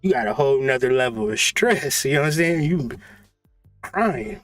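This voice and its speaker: A man's voice: mid-range voice, animated, normal speed, a bit bright, dry recording, soft background music. A man in a casual, profane monologue, joking and laughing as he talks. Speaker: channel host.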